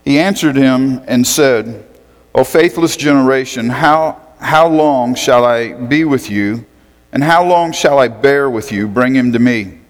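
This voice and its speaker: A man's voice: medium pitch, a little slow, in a large hall. A man preaching a sermon as a pastor, reading scripture and talking conversationally, asking the congregation questions.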